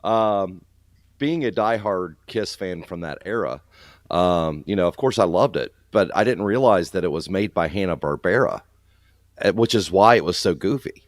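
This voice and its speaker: A man in his fifties talks in a relaxed group chat with a very deep voice. He speaks in a reflective, rambling way, and the sound is dry and close. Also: normal speed, dry recording. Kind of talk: casual chat.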